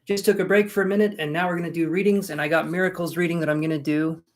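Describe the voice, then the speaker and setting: A man's voice: on the high side, steady tone, racing. A man giving live-stream tarot readings, chatty and rambling, making jokes at his own expense. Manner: rambling, self-mocking, chatty. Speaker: tarot reader.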